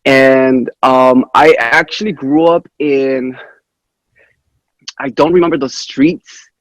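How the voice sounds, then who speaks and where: A man from the area, answering a podcast host in a relaxed, hesitant way. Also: medium pitch, takes it slowly, no echo, poor audio. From Chicago area. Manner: hesitant, relaxed, with many uh fillers. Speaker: podcast guest, YouTuber. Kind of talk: casual interview answers.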